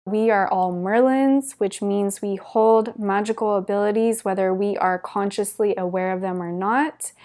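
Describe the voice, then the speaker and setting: A woman's voice: medium pitch, fairly even intonation, a little slow, few pauses, darkish tone. A woman giving a spiritual talk to her viewers, telling it in an earnest, gushing way with many "like" fillers. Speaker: spiritual teacher.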